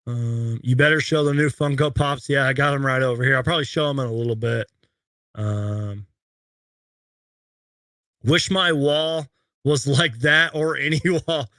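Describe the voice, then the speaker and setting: A man's voice: medium pitch, steady tone, measured pace, long pauses, sharp tone, no echo. A young man hosting a casual live Q&A stream from home, rambling chattily as he reads viewer questions. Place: home room with shelves of collectibles.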